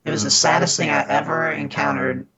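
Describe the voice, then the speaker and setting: A man's voice: medium pitch, steady tone, fairly quick, lo-fi sound, a loud crowd. A man guest on a podcast, earnestly telling stories of fighting scammers, often restarting his sentences. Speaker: podcast guest, scam baiter. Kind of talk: casual interview storytelling.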